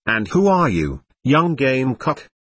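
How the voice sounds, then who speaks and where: A man voicing a loud, boisterous male trader who bellows and booms in a storybook reading. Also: sing-song, unhurried, husky, no echo, heavily acted. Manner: bellowing, booming.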